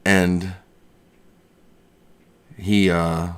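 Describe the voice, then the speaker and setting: A man with a fairly low voice talks on a casual livestream, out of breath and rambling. He jokes at his own expense as he chats. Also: little pitch movement, very slow, smooth. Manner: rambling, self-deprecating, jokey. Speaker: livestream host.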